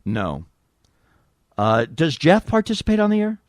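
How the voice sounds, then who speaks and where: A man hosting a casual comedy podcast, joking and rambling between quick impressions. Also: on the high side, huge pitch swings, no room sound, studio quality. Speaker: podcast host.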